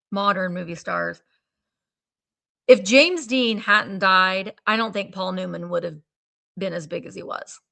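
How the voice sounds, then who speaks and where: A woman's voice: medium pitch, creaky, bright, forceful tone. A woman hosting a casual live stream, chatting in a rambling way and trailing off as she hunts for names. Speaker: live-sale stream host. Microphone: streaming setup.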